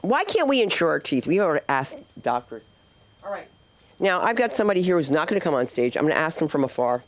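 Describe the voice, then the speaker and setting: A woman from New Jersey hosts a comedy club open mic, chatting with the crowd in a brash, rambling, jokey way as live stand-up hosting. Her voice is deep, sing-song, and fast.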